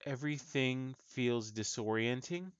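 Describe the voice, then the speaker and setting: A man narrating as game master of a tabletop game, halting and full of fillers. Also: mid-range voice, smooth, no echo. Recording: muffled lo-fi audio.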